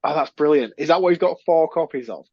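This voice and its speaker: A man co-hosting a casual podcast, easygoing and quick with a dry joke. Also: on the high side, gravelly, breathy edge, dry recording. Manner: easygoing, laughs along, wry asides. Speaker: podcast co-host. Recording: dull, dry sound.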